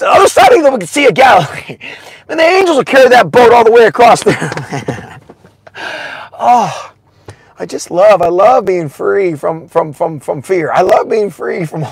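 Preaching in a relaxed, excitable manner, a man with a high-set, slightly rough voice and vocal fry laughs frequently. He alternates between shouting and hushed asides, says "man" a lot, and there's no echo.

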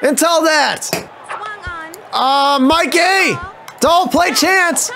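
A man with a very high voice talks slowly through his baseball video game. He cheers, groans and swears at each play. Game music plays clearly behind him. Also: expressive. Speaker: gameplay commentator. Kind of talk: let's play commentary.

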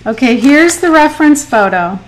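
A woman's voice: high voice, animated, moderate pace, rough recording. A middle-aged woman teaching watercolor painting on a live stream, chatty, laughing often and reading viewer comments aloud. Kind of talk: live painting lesson with chat.

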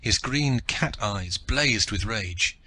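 A man narrating an audiobook in the first person, with a steady, dramatic read. His voice is low, husky and forceful, carrying a hard, pressing edge through each sentence. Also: takes it slowly.

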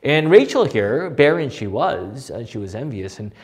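A man's voice: mid-range voice, normal speed. A man teaching a Bible study in a conversational way, often asking "right?" and restarting his sentences. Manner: animated, asks frequent rhetorical "right?" with many restarts.

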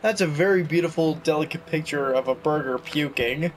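A man's voice: fairly high pitch, fairly quick, a little hiss or hum. A young man chatting and joking through a video game, reading notes aloud as he goes. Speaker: gaming YouTuber. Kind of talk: let's play commentary.

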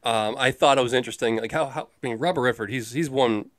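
Guy rambling about a movie, jokey and loose, mid-pitched voice, dead dry recording. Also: fast talker, fairly bright tone, dry recording. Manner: rambling, jokey, swears casually. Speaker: podcast co-host. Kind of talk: casual movie review chat.

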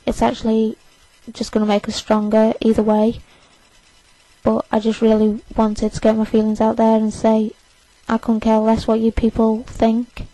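A woman's voice: on the high side, completely flat delivery, moderate pace, mellow, dry recording, low-quality recording. Overtired eighteen-year-old woman rambling defiantly. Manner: rambling, defiant and self-conscious. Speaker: vlogger. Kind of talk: casual to-camera rant.

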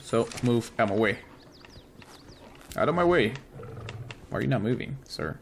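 A man hosting a casual let's-play, reacting excitedly and chatting to the creatures he tames. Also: mid-range voice, measured pace, a little hiss or hum. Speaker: gaming channel host.

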